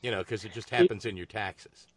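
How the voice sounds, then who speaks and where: A man's voice: fairly low pitch, a little fast, crowd noise. A man hosting a casual political talk show, reading a listener's note aloud with dry asides. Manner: reads figures aloud with dry asides, some stammering. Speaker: host.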